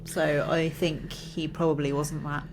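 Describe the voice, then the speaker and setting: A woman's voice: low voice, flat delivery, measured pace, noisy background. A woman co-hosting a podcast in casual chat, telling stories and laughing often. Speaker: podcast co-host.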